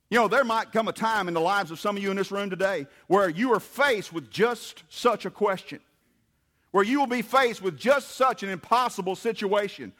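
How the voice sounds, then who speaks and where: High, bright-voiced preacher. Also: male voice, moderate pace. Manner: folksy, emphatic preaching with acted-out quotes. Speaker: pastor. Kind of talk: sermon.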